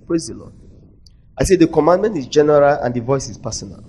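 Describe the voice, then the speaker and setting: A man preaching a sermon in a conference hall, prompting the audience to finish his sentences and swinging between loud emphasis and near-whispers. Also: fairly high pitch, expressive, fast talker, breathy edge.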